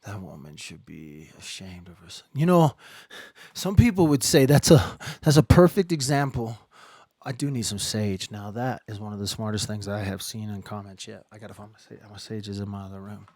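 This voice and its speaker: A man hosting a casual live stream, rambling and joking, swinging between low muttering and loud outbursts. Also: animated, normal speed, dry recording, clean studio sound. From Ireland.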